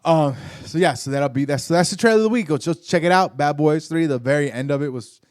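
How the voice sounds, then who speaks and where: A man's voice: a little high, fast, no room sound, clean studio sound. A man in his forties, co-hosting a podcast, tells a rambling story in casual chat full of fillers and restarts. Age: 40s. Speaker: podcast co-host.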